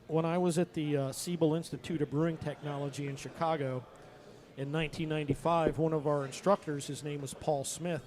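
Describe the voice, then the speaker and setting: A man with a slightly high voice chats easily about his brewing. He tells relaxed stories at the table. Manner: relaxed storytelling. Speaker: brewer. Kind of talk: casual tasting chat.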